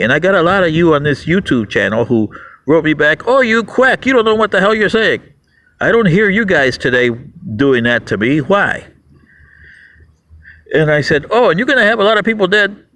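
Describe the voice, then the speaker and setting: Man ranting with wild pitch swings. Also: fairly bright tone, rough recording. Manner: mocking, laughs at the audience, swings pitch widely. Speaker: YouTube channel host. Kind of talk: ranting monologue to camera.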